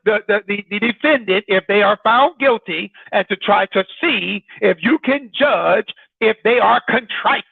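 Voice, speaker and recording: A man's voice: high-pitched, gravelly, breathy edge, dry recording. A man hosting an informal broadcast talk, conversational and full of rhetorical questions to his listeners. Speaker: broadcast host. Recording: dry, tinny phone-like sound.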